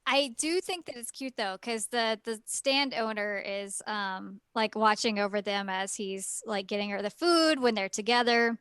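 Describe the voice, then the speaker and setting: A woman's voice: mid-range voice, unhurried, hardly any pauses, fairly bright tone, smooth, no echo, clean studio sound. A female podcast co-host chatting about a game, playfully acting out characters' lines as she retells scenes. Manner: chimes in and acts out quoted lines playfully. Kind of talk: casual chat about a video game.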